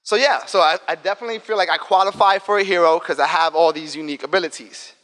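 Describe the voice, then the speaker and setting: A man in his thirties from the South Bronx with an African American English accent, giving an energetic, talkative and joking casual talk to students. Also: fairly high pitch, fast talker. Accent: African American English, New York. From South Bronx, New York. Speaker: guest speaker. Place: school event room. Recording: long reverb hall.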